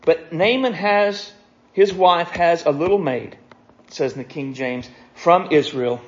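A man delivers a sermon, retelling old stories in plain, easygoing speech and reading passages aloud at a brisk pace. His voice sits a little high. The recording is dull and lo-fi. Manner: retells stories casually, reads scripture aloud quickly. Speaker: preacher.

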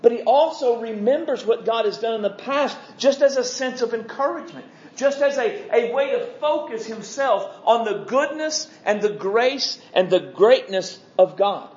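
High voiced pastor man preaching earnestly, slows way down on big words, muffled lo-fi recording. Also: animated, a little mellow. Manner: earnest, stretches key words slowly. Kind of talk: sermon. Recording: dull lo-fi sermon audio.

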